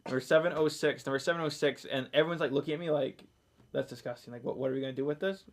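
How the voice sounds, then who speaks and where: Calling lot numbers at a live sale, this man fills the gaps with relaxed talk about his family. He speaks rapid-fire in a voice on the high side.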